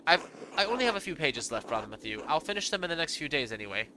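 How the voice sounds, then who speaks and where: A man's voice: fairly high pitch, sing-song, fast talker. Man reading as an earnest young illustrator, plain game dialogue, a bit hesitant; noise under the voice. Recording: noisy home recording.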